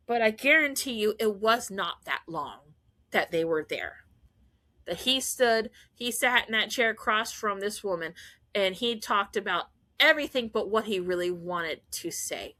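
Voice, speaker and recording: A woman podcast host giving a casual, animated fan recap, gushing and laughing often. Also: on the high side, no echo.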